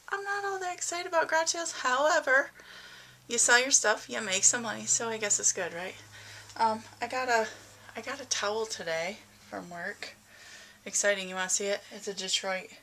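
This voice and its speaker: A woman's voice: on the high side, bright, forceful tone, a little hiss or hum. A woman vlogging casually about her day at home, candid and chatty. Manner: chatty, candid, sing-song with her cat. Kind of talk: casual video diary. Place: at home, bedroom.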